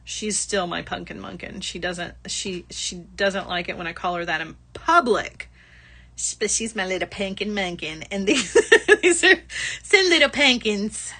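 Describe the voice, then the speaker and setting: A woman's voice: medium pitch, animated, a little slow, sharp tone. A middle-aged woman hosting a live craft-shopping stream, chatting casually and laughing often. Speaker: livestream shopping host. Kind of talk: casual live product chat.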